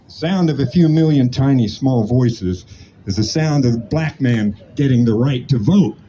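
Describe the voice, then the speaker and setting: A man's voice: medium pitch, animated, moderate pace, dark tone, slight background noise, low-quality recording. A man in his late sixties giving an impassioned protest speech outdoors, building his points through repetition. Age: 60s. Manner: impassioned, repetitive rhetorical cadence. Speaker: protest speaker. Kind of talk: rally speech.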